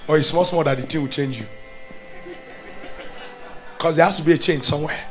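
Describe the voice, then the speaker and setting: A man preaching as a pastor, swinging from loud declarations to hushed, acted-out inner voices. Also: fairly high pitch, fairly quick, soft background music. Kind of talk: sermon.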